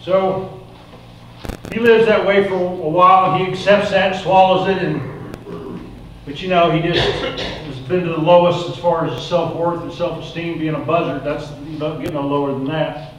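A man telling a folksy parable as part of a sermon, in an animated, casual way. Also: a little high, moderate pace, slight background noise. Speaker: preacher. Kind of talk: sermon storytelling. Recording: echoey room, mic far off.

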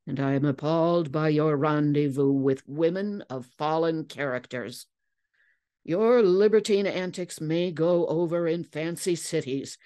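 Actress doing a stern older father for an audiobook, loud gruff growl, measured delivery. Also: low voice. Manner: gruff, indignant. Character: stern older father, self-righteous, bellowing.

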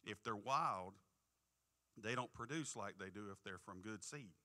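A man preaching a sermon in church, reading scripture slowly and with emphasis and often asking the congregation "Amen?". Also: on the low side, pushed and bright. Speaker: pastor. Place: church sanctuary.

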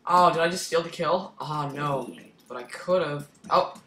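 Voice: medium pitch, a little slow, reverberant, background noise. A gameplay commentator in casual let's-play chatter, playful and teasing, muttering asides to the other players.

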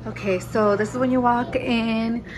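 A young mom vlogs at home, inside and out in the yard, filming on her phone camera. Her voice is a little high with fairly even intonation and a slightly slow pace, and the rough recording picks up crowd noise. She chats casually, cursing offhand and slipping in Spanish words.

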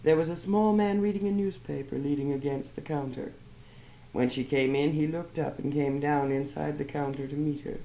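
A woman author reading her own short story aloud in a measured, plain narration. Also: rumbling low, steady tone, gravelly, warm tone. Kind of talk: literary reading. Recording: roomy old archive recording.

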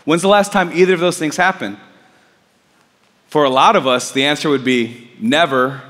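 Earnest high-voiced male preacher, reverberant. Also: fairly bright tone. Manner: earnest, conversational preaching with repeated questions. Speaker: pastor. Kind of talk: sermon.

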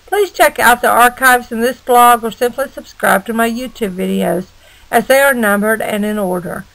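A woman author reading her novel aloud in a gentle, measured storytelling voice. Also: a little high, rough recording. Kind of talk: read-aloud novel narration.

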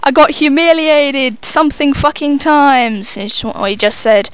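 Swearing freely and poking fun at herself, a young gamer commentator keeps up running banter during live play. Her voice sits high, her pace is a little slow, and the recording is dry.

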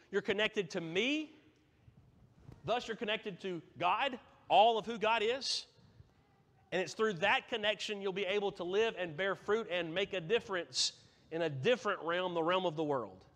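A man's voice: high-pitched, moderate pace, fairly bright tone. A man preaching a Sunday sermon, earnest and questioning, building up to emphatic points. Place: church sanctuary. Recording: church hall reverb.

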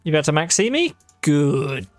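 Male gaming creator, casual and dry, swears easily, voice sits a bit high. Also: big pitch swings, normal speed, soft background music. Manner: wry, swears freely, talks to viewers. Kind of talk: casual gameplay commentary.

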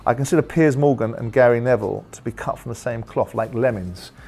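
A man, a football pundit, giving a casual video reply full of dry, measured put-downs. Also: mid-range voice, gravelly, darkish tone.

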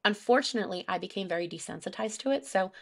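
A woman speaking as a guest on a casual podcast, recounting her experiences openly with plenty of fillers. Her voice has a gravelly, fry-tinged edge at a middling pitch. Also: lively intonation, quick pace. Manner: candid, storytelling, many fillers. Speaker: guest animal behaviorist.

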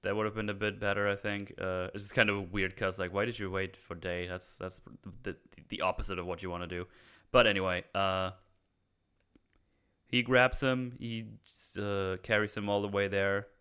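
A man's voice: fairly low pitch, little pitch movement, normal speed, pushed and bright, clear, resonant tone. A man hosting a casual film discussion podcast, talking in a hesitant way with many fillers and restarts. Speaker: podcast host.

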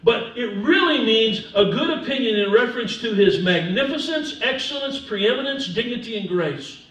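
A man, an older pastor, preaching a sermon with humor, swinging between soft asides and loud emphasis. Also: very high voice, animated, normal speed. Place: church sanctuary. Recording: echoey church from a distance.

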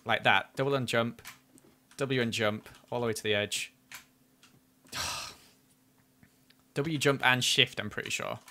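Bright-voiced man streaming a game. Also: medium pitch, a little slow, pauses often, slight background noise. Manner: chatty, self-critical, flares up at near misses. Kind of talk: live gameplay commentary.

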